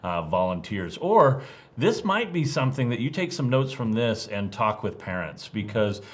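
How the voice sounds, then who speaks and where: A man's voice: on the low side, very animated, normal speed. A man co-hosting a ministry podcast, speaking earnestly and reflectively, with many fillers and restarts. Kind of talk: casual podcast discussion.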